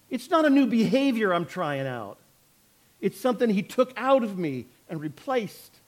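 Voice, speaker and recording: Guy with a pretty high voice giving a chatty earnest sermon, tells stories, acts out little quotes. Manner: conversational, earnest storytelling with quoted asides. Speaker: pastor.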